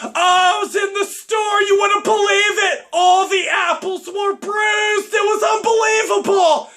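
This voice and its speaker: A shrill, loud woman yakking on her phone, every sentence shouted in an exclaiming gush, as a man puts her on. The voice sits far above a man's usual register and stays at full volume. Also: steady tone, unhurried, heavily acted. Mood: loud gossipy.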